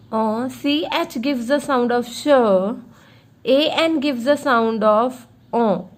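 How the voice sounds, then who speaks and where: Slow, high-voiced woman teaching French. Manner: slow, patient, repeats each word. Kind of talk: beginner language lesson.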